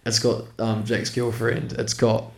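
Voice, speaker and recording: A young man hosts a casual podcast while sick, his voice worn by illness. He speaks frankly and jokes easily, at a middle pitch. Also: completely flat delivery, unhurried, gravelly, very noisy. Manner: candid, frank, joking. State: sick, under the weather. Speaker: podcast host.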